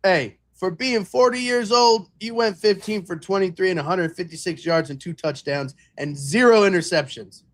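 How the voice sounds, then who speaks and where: A man's voice: high-pitched, normal speed, hardly any pauses, fairly bright tone. A man co-hosting a casual sports chat, laughing and teasing his partner. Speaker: podcast co-host.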